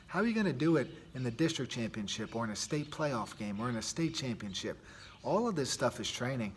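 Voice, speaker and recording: A man's voice: mid-range voice, very animated, fairly quick, slight background noise. A man hosting a podcast and coaching youth sports. He talks earnestly in a loose, casual monologue, restarting sentences and adding "right?" often.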